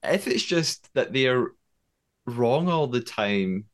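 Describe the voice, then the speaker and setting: A male podcast co-host recaps scenes in a casual way and thinks aloud as he works through them. His voice sits at a middle pitch. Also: sing-song, slow.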